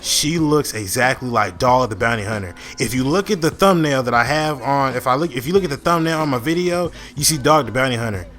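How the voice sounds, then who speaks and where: Young male vlogger, bright and forceful voice, relaxed slangy storytime delivery, faint music behind. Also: medium pitch, brisk, hardly any pauses. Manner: laid-back, slangy, full of fillers and restarts. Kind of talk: casual storytelling.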